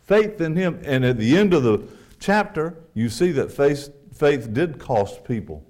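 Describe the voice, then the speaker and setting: An earnest male preacher delivers a sermon at medium pitch, very animated, building to emphatic peaks before falling quiet. When he reads scripture, he settles into a measured cadence.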